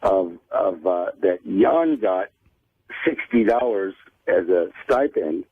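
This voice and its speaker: A man's voice: low-pitched, animated, slow pace, slightly rough, no room sound, phone-quality sound. A man co-hosting a radio show, pushy and needling, egging the others on in casual banter.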